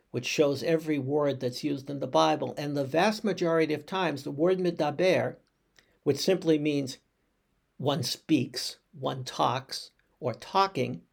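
A man's voice: fairly high pitch, gravelly, darkish tone, breathy edge. A man, a rabbi, teaching Torah commentary in an explanatory way, posing questions to his listeners and sometimes correcting himself.

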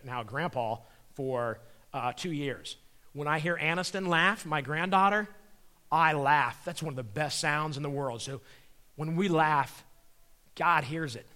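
A middle-aged man giving a comedic faith talk, animated and playful as he tells stories. His voice sits a bit high and sounds bright and forceful. He slips in and out of acted voices as he goes. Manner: animated storyteller acting out voices. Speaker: comedian and magician speaker.

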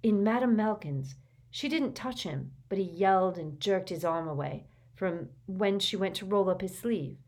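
A woman's voice: mid-range voice, lively intonation, normal speed, darkish tone, pitched above the performer's own voice. A woman voicing a stubborn, earnest teenage boy who insists on his point. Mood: insistent. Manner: insistent, frustrated.

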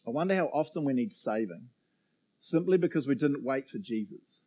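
Chatty New pastor, mellow voice. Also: male voice, mid-range voice, lively intonation, moderate pace. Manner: chatty, jokey, laughs often, asks the room. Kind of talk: sermon. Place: church auditorium.

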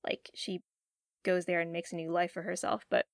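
A woman's voice: fairly low pitch, level tone, moderate pace, vocal fry, dry recording, studio quality. A woman co-hosting a podcast in casual chat, giggly and hesitant, with lots of ums and likes. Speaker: podcast co-host.

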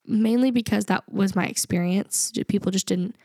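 A woman's voice: medium pitch, normal speed, warm tone, dry recording, clean studio sound. A young adult woman co-hosting a podcast, talking in an earnest, reflective way and laughing often. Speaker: podcast co-host. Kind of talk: casual podcast chat.

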